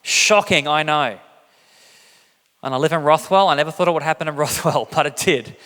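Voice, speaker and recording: A man giving a sermon in a loose, conversational way, breaking into playful voices when he quotes people. His voice sits a little high, and it rings out with the long reverb of a church hall. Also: moderate pace, fairly bright tone. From England. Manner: conversational, jokey, acts out quotes with big pitch jumps. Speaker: pastor.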